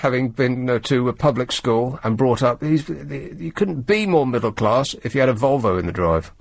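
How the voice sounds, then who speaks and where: A man's voice: mid-range voice, lively intonation, normal speed, vocal fry, no room sound. Sardonic man rambling on the radio. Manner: dry, sardonic, rambling with many fillers. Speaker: radio host. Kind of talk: late-night radio chat and news commentary.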